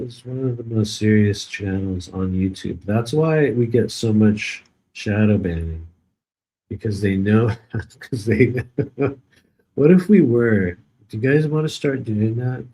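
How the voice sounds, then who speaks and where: Brief: low-pitched man, rambling joking live stream host, dry sarcasm. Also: dark tone, rough recording. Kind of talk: casual live stream chat.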